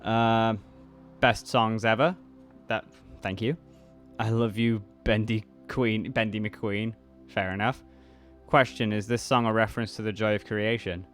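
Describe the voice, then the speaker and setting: Here a YouTuber and voice actor in his twenties speaks unhurriedly in a lowish, steady, slightly bright voice, with soft music underneath. His accent mixes British and American, and his casual reaction chat rambles as he reads viewer comments aloud and restarts sentences.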